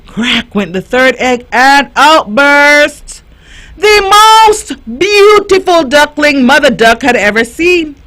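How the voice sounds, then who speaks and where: Woman reading a kids' storybook real slow, bouncy voice. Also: high voice. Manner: slow, expressive read-aloud with lively voices. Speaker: youth radio host.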